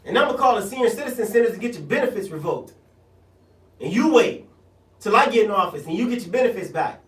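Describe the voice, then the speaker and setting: A man's voice: high voice, lively intonation, quick pace, fairly bright tone, reverberant, recorded from a distance, low-quality recording. A man from South Central Los Angeles with a Los Angeles accent, hosting a radio show and ranting bluntly in slang. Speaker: radio show host, political candidate. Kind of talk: animated monologue.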